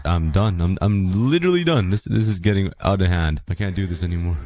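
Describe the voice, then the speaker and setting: A young man giving energetic gameplay commentary, swinging between exasperated groans and excited high yelps as he talks to viewers. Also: brisk, no echo. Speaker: Minecraft gameplay creator.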